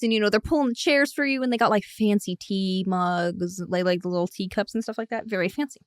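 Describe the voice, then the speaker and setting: A woman's voice: mid-range voice, fairly even intonation, brisk, few pauses, dry recording, studio quality. A young adult woman co-hosting a casual podcast chat, rambling through a made-up story with lots of "like" and restarts. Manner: rambling storytelling, heavy use of "like". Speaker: co-host.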